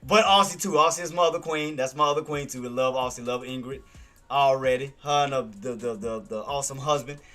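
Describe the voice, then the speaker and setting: A man recapping trades on a casual livestream, talking to his viewers and giving them repeated, excited shout-outs over music. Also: mid-range voice, fairly quick. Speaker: stock trading streamer.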